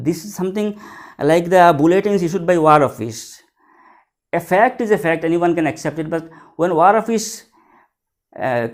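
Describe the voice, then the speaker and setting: A man's voice: fairly high pitch, a little mellow. Man explaining a textbook lesson. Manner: reads a passage aloud, then explains it in simple words. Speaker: English teacher.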